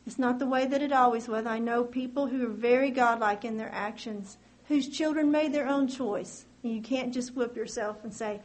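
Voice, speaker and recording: A woman preaching a sermon in an earnest way, her voice climbing and getting louder on key points. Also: moderate pace, hardly any pauses, rough recording. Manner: earnest, rises in pitch and volume on key points.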